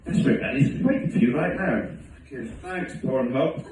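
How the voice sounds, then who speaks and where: A man's voice: expressive, normal speed, background noise. A middle-aged man doing a self-mocking stand-up routine, sometimes putting on his wife's voice. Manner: wry, self-mocking, acts out his wife in a higher voice. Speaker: stand-up comedian. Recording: distant phone recording in an echoey room. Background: audience laughter.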